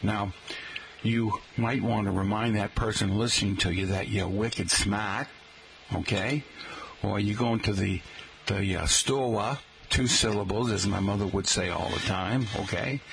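A man's voice: on the low side, a little slow, creaky, noisy background. A middle-aged man with a Boston accent, hosting a live local radio show in a chatty, folksy way and calling his listeners folks. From Massachusetts. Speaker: radio host. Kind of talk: live radio talk segment. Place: radio studio in a restaurant.

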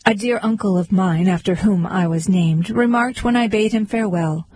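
A woman's voice: medium pitch, normal speed, a little mellow, slightly rough, dry recording, close to an everyday voice, rough recording. A woman reading verse aloud, voicing a mild, tearful male baker telling his woeful story. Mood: mournful. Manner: mournful, pleading.

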